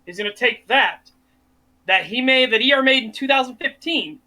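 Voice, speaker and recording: A man co-hosting a casual podcast chat, talking bluntly and profanely with animated storytelling. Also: very high-pitched, normal speed. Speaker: podcast co-host.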